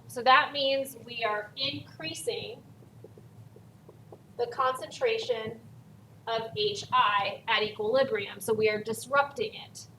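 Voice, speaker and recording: A woman's voice: a little high, a bit bright. A woman chemistry teacher giving a recorded lesson, working through a worksheet and stressing key words for emphasis. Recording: echoey room, voice from far off, faint hiss.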